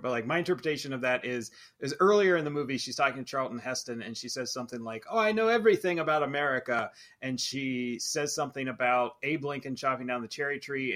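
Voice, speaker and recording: A man's voice: medium pitch, a bit bright. A man in casual chat who thoughtfully explains his reading of a film scene.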